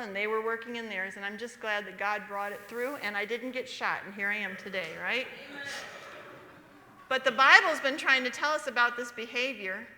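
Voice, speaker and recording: A middle-aged woman giving a sermon at a church, mixing a personal story with Bible verses she reads slowly and asks the congregation to answer. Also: on the high side, bright, forceful tone, slight background noise. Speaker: speaker at a church service. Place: church sanctuary. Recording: echoey church hall livestream.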